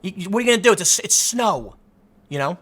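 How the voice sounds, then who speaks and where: Male commentator, thirties, mocking and animated, slightly high and bright. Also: quick pace. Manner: sarcastic, mocking, animated storytelling. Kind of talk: casual commentary.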